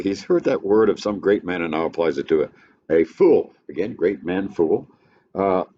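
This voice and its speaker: An older man lecturing a class on a play in a folksy, halting way, with frequent restarts. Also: deep voice, animated, warm tone. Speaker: literature teacher. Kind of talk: classroom lecture with read-aloud passages. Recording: dull lo-fi classroom recording with faint noise.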